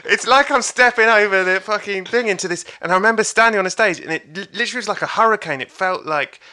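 Bright-voiced man telling a story. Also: sits high, fast talker. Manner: animated, swears, acts out crowd voices. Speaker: comedian guest. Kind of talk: casual storytelling chat.

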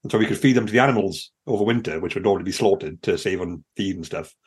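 A man's voice: low-pitched, very fast, slightly rough. A British man co-hosting a podcast, telling rambling stories in casual chat and laughing often. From Britain. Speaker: podcast co-host.

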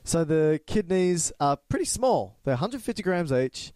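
A man's voice: a little high, sing-song, normal speed, darkish tone, dry recording. Man, playful, explanatory, podcast co-host, dry sound. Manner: jokey, playful teasing while explaining. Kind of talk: casual educational chat.

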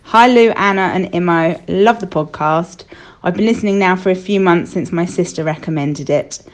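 Woman from England reading her letter aloud, chatty, a touch low-pitched. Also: normal speed.

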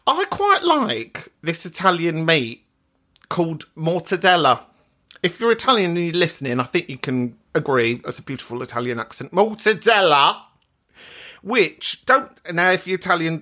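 Woman, podcast host, casual chat, low voice, very animated pitch. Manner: chatty, swearing, laughing.

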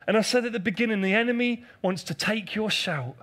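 Preaching live in a church, this male pastor has a high, fairly bright voice and speaks a little fast. He talks directly to the congregation, hammering key phrases through repetition, drawing responses, and teasing folks in the pews.

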